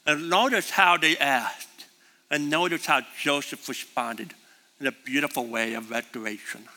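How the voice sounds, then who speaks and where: A man with a high, very bright and piercing voice preaches with emphasis, hammering home his points by repeating them. His words ring out with a long reverb, as in a big church hall. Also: measured pace. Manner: emphatic, repeats key phrases. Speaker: pastor. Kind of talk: sermon.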